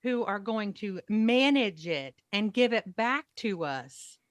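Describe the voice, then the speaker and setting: A woman's voice: medium pitch, animated, no room sound. Teasing woman co-host, dry studio. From Ohio. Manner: dry, teasing, halting restarts. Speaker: radio show co-host. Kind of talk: casual banter.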